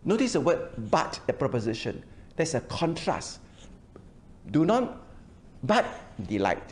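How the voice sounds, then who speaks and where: Preaching in church, an older pastor works through scripture line by line. He frequently says "uh" and repeats himself. His slightly high voice swings widely in pitch at a measured pace.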